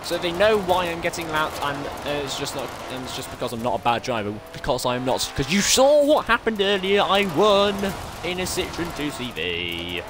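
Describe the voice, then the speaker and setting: A man excitedly commentating his own racing game play, breaking into strings of repeated exclamations. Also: on the high side, moderate pace, hardly any pauses, noisy background. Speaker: gaming streamer. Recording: game music behind.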